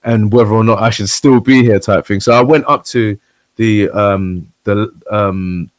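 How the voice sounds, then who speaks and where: A man's voice: lowish voice, steady tone, unhurried, no echo. A man, a guest on a chat show, telling a story animatedly and acting out the voices of the people in it. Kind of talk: casual chat.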